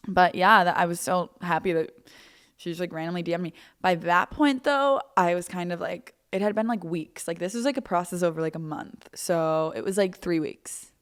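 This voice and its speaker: A woman's voice: on the low side, normal speed, smooth. A young woman hosting a podcast, telling a story in a chatty, self-mocking way, full of "like". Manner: chatty, animated, heavy use of "like", self-mocking. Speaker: podcast host. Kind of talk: casual storytelling.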